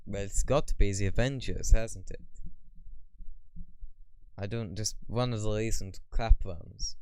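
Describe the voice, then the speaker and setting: A man chatting on a live stream, reading viewer questions aloud and answering them in a rambling, wry, deadpan way. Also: mid-range voice, smooth, no echo. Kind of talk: casual live stream chat.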